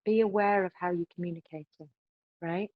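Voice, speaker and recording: A woman's voice: lowish voice, steady tone, brisk, no room sound, narrow, tinny audio. A woman being interviewed on a podcast, giving relationship advice in an emphatic way and often adding "right?" to her points. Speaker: podcast guest.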